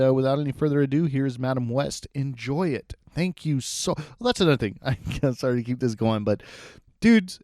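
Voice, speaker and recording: A man's voice: medium pitch, darkish tone, clean tone, no echo, studio quality. A man hosting a casual podcast interview outdoors on a city street, talking in an enthusiastic, rambling way and swearing casually. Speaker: podcast host.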